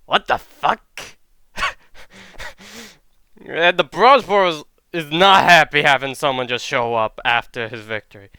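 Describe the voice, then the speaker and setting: A man's voice: fairly high pitch, normal speed, few pauses, bright, forceful tone, clean tone, no echo. A young man casually telling a made-up fan story, jokey and swearing now and then.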